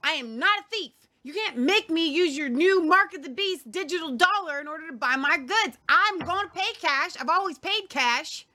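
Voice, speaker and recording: A woman's voice: very high-pitched, expressive, normal speed, few pauses, sharp tone, voice pushed up, heavily acted. A woman voicing an indignant old man who insists on paying cash, speaking defiantly and emphatically.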